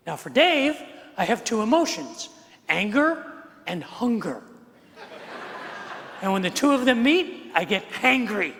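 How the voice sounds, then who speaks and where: A middle-aged man preaching a sermon as pastor, talking in a conversational way that swings from quiet to emphatic and repeats words as he goes. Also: sits high, sing-song, unhurried, pauses often. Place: large church sanctuary. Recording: long hall reverb from the sanctuary.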